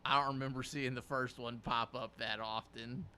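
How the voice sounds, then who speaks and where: Chill guy with a bright tone, short answers, talking into a podcast mic. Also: mid-range voice, steady tone, moderate pace, slight background noise. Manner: short, laid-back answers. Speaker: podcast co-host. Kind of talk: casual movie chat. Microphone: podcast microphone.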